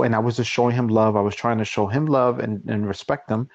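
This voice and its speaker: A man's voice: mid-range voice, steady tone, a little fast, dry recording. A man in his forties hosts a podcast and tells a personal story in a loose, casual way. He acts out both sides of an argument. The sound is dull and dry, like a lo-fi home recording. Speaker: podcast host. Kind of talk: casual chat.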